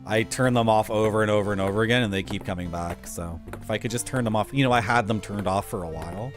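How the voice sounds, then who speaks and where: Wry, low-voiced male game streamer. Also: fast, faint music behind. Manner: chatty, wry asides to chat. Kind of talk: casual gameplay commentary.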